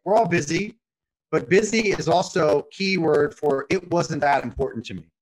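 A man hosting a podcast, coaching with a motivational tone and frequent rhetorical questions. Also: a little high. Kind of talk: conversational podcast.

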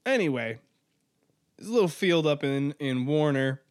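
Man, solo podcast host, casual rambling chat, swears a lot, slightly high voice, smooth tone. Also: lively intonation, normal speed, dry recording, clean studio sound. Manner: rambling, profane, laughs at his own jokes.

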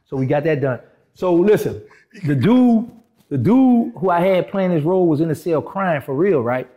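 In a casual interview, a male guest with a fairly high voice at normal speed relates a long story, animatedly voicing each character's lines in changing voices. The recording has its highs cut off.

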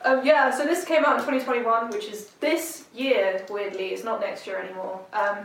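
A woman's voice: on the high side, normal speed. A woman chatting casually, loose and chatty with fillers and laughs. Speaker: podcast co-host. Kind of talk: casual chat, music review. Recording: echoey room, distant mic, faint noise.

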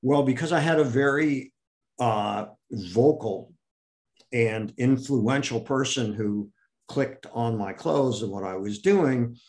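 An older man from the United States, a guest in an interview, telling animated stories and acting out the people in them. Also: takes it slowly. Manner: animated, acts out quoted people with raised pitch. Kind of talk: storytelling in an interview.

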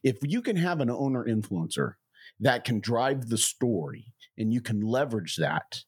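Husky man with a lively, swooping pitch. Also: normal speed. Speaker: podcast co-host. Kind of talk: casual chat.

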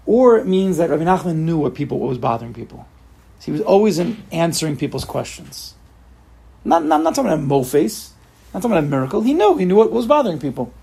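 Gravelly-voiced man teaching a Torah class. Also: a little high, animated, quick pace, darkish tone. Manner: repetitive restarts, rhetorical questions, mixes Hebrew terms. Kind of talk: casual spoken Torah class.

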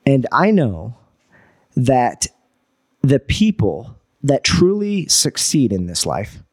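A guest entrepreneur with a slightly rough, mid-range voice takes his time telling a story in casual talk. Animated and swearing, he acts out the lines people spoke.

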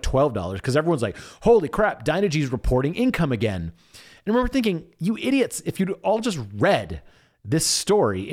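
Animated young man telling a story. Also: medium pitch. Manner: animated, swings from quiet asides to excited shouts. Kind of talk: casual storytelling monologue.

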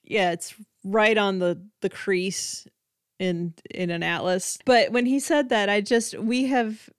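A woman's voice: medium pitch, takes it slowly, smooth, no room sound, clean studio sound. Chatty woman podcaster from South Dakota. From South Dakota, US Midwest. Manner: chatty, laughs easily, lively storytelling. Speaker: podcast co-host. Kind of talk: casual chat.

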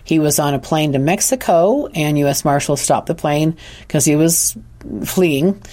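Earnest low-voiced woman telling a story. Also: a little slow. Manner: earnest, animated retelling with frequent restarts. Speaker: intuitive counselor. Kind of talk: podcast monologue, personal storytelling.

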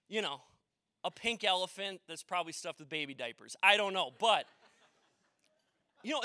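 A man's voice: high voice, bright, forceful tone, dry recording. A forty-year-old man from Minnesota, a pastor opening his sermon with rambling, self-deprecating stories full of ums. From Minnesota, USA. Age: 40s. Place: church sanctuary stage.

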